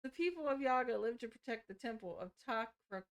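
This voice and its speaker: A woman's voice: a little high, fast talker. Woman reading as a solemn male prayer spirit. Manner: calm, solemn. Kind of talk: reading game dialogue aloud.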